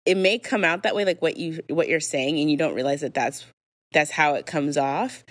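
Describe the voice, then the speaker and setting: A woman's voice: sits low, dry recording. A woman hosting a podcast, giving candid, emphatic advice in a casual talk, sometimes acting out example apologies. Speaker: podcast host.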